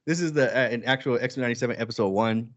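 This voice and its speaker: A man co-hosting a podcast in casual chat, animated and quick to act out quoted lines. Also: mid-range voice. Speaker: podcast co-host.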